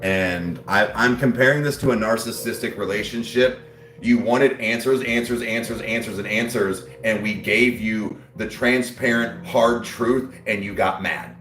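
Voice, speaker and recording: A man's voice: fairly low pitch, unhurried, fairly bright tone, roomy sound. A man hosting his channel in casual chat, crude and brash, rambling and defiant. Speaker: YouTube channel host.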